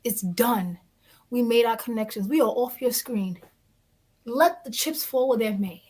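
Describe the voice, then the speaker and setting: A woman guest on an interview podcast, telling a story in a blunt, dramatic and expressive way, acting out other people. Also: a little high, measured pace, husky. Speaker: guest, reality dating show cast member.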